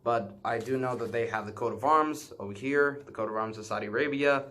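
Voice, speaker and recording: A little fast and a bit bright, a medium-pitched man walks viewers through his banknote collection in a casual vlog show-and-tell. He hesitates and rambles, full of filler sounds, correcting himself and apologizing for gaps in his knowledge.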